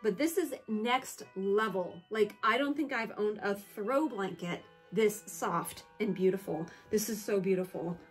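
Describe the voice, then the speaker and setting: A woman chatting casually through a product haul, gushing and excitable, often breaking into squeals of delight and correcting herself mid-sentence. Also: medium pitch, unhurried, hardly any pauses, faint music behind. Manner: chatty with self-corrections and asides. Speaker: home and collectibles vlogger.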